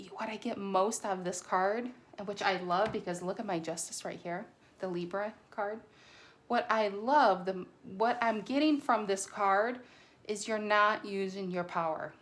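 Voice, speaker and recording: A woman doing a casual tarot reading to camera, chatty and excitable, a little nervous and stumbling over her words. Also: medium pitch. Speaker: tarot reader.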